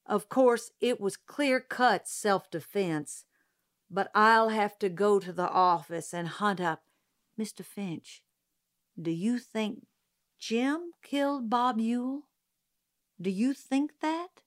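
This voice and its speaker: A woman reading the lines of a blunt, stubborn small-town sheriff in an audiobook, quiet and plain-spoken. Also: medium pitch, takes it slowly, close to an everyday voice. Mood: pressing.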